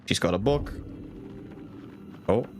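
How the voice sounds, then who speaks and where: Gaming YouTuber man, lowish voice, very animated, casual and sweary. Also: slow, a little hiss or hum. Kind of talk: casual let's-play commentary.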